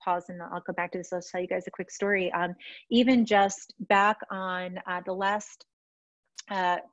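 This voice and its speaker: A woman's voice: lowish voice, fairly even intonation, normal speed, no room sound, highs cut off. A middle-aged woman from a Russian-speaking family, teaching about emotions and self-care in a candid, emotional way with many restarts. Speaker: positive psychology teacher. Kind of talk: personal teaching talk to a group.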